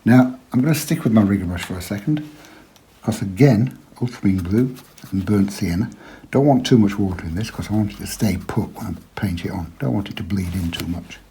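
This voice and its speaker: A man giving a relaxed watercolour painting lesson, chatty and quiet, often dropping to a murmur as he works. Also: on the low side, a little fast, slight background noise. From England. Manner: quiet, chatty, drops to a murmur while working.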